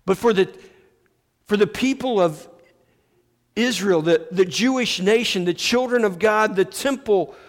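A man preaching a sermon as pastor, slow and emphatic, restarting his phrases often. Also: high-pitched. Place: church sanctuary. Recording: long church reverb.

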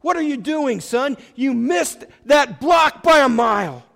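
A man voicing a hot-tempered male football coach who scolds and yells at a player. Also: very high voice, animated, unhurried, creaky, big-room sound, voice pushed up, exaggerated voice. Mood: angry. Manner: yelling, scolding.

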